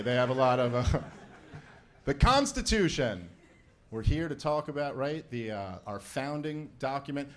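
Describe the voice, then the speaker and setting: A man doing a live stand-up warm-up on a stage mic, loose and conversational with quick wisecracking asides. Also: medium pitch, a little hiss or hum. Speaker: stand-up comedian warming up a debate crowd. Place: event stage before a live audience.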